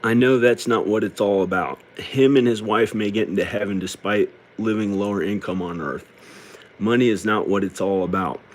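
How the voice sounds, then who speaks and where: A middle-aged man speaking in a downcast, halting, rambling way, tearful as he talks through a personal confessional monologue. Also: fairly low pitch. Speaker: video creator.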